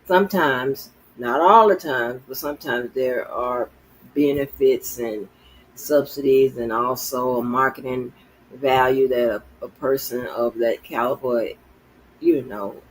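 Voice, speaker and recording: Husky, rambling male podcast co-host. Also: mid-range voice, a little slow, rough recording. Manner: rambling, loose and profane. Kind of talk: casual chat.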